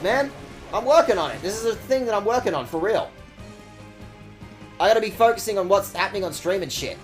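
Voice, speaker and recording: Lively man streaming a game. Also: sits high, moderate pace, long pauses, soft background music. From Australia. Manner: playful, rambling, swears freely. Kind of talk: casual game-stream commentary.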